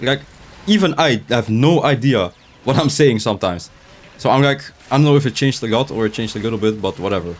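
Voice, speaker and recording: A young man chatting casually while gaming, rambling with many restarts and filler words, his speech slightly unclear. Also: medium pitch. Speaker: gaming streamer. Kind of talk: casual gameplay commentary. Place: his room, seated in a chair.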